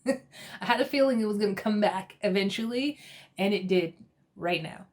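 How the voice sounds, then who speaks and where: A woman giving a casual, gossipy recap of a reality TV episode, chatty and quick to laugh. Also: mid-range voice.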